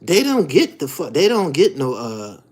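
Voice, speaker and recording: A man hosts his own channel in a loose, profane monologue full of street slang. His voice is very animated, with pitch leaping high and low as he swings between low mutters and loud emphatic outbursts. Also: normal speed. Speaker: channel host.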